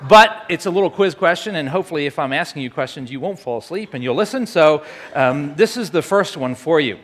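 A man's voice: on the high side, fairly bright tone. A man speaking informally to a gathered audience, quizzing them between recitations, with frequent fillers and restarts. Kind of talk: informal address with dramatic recitation. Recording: long reverb of a large hall.

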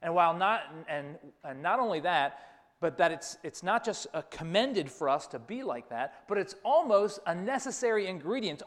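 High-voiced male preacher in a reverberant hall. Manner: anecdotal storytelling, repeats phrases for emphasis. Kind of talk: sermon. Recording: long reverb of a large hall.

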